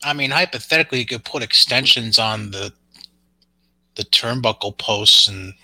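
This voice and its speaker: Man, podcast host, very bright tone, lively pitch, dry close sound. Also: moderate pace, breathy edge, dry recording, poor audio. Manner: hesitant restarts, then launches into a topic. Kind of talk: casual podcast chat.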